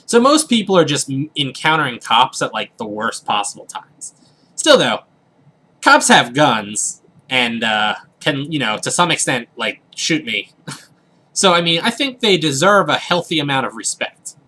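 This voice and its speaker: A man's voice: medium pitch, very animated, a little slow, pushed and bright, slightly rough. A young man casually rambling through a story while commenting on a video game, full of fillers and asides. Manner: rambling, filler-heavy, chatty. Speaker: let's play host.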